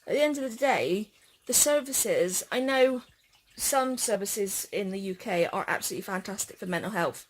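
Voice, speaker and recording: A young woman vlogging in a casual chat, speaking hesitantly with many pauses and fillers. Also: medium pitch, lively intonation, rough recording. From England.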